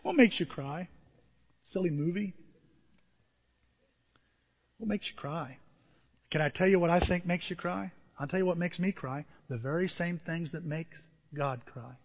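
A man pastor preaching a sermon with emotion, his voice moving from quiet and tender to loud and emphatic. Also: fairly high pitch, moderate pace, long reverb tail, lo-fi sound. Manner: emotional, swings from soft to emphatic.

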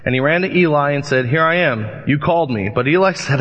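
A man preaches to his congregation in an animated way, reading scripture and acting out voices in his stories. His voice sits a little high for a man. The recording is dull and lo-fi, with a long echo from the church. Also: fast, hardly any pauses. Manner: animated storytelling, acts out voices in anecdotes. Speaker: pastor. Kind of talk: sermon. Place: church sanctuary.

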